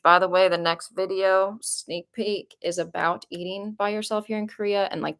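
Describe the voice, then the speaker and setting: A young woman vlogging casually from her apartment, talking in a chatty, rambling way with lots of "like" and rising emotion. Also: mid-range voice. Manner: chatty and rambling, heavy use of "like"; emotional, voice jumps up when moved. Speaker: vlogger answering viewer questions. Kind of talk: casual live-stream chat.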